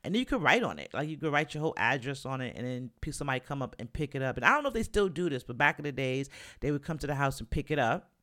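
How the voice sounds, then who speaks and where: A man telling personal stories in a casual, candid monologue, lively, swearing freely and laughing often. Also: mid-range voice, rapid-fire. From New York.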